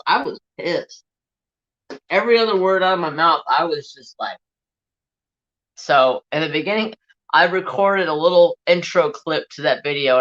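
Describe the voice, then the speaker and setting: Bright-voiced man telling a rambling story. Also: on the high side, highs cut off. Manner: animated, profane, rambling anecdote. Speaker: craft livestream host. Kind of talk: casual live-stream storytelling.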